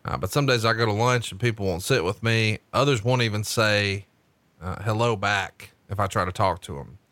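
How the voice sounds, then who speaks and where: Bright-voiced Southern podcast host. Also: male voice, lowish voice, moderate pace, no room sound. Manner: smooth, conversational, reads quotes aloud. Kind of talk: podcast ad read and story narration.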